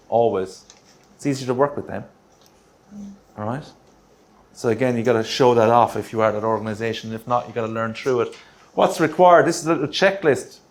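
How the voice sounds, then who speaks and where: Man, workshop presenter, energetic, punchy, rhetorical questions, mid-pitched voice. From Australia. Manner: energetic, punchy, checks in with the room with "all right?" and rhetorical questions. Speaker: grant writing workshop presenter.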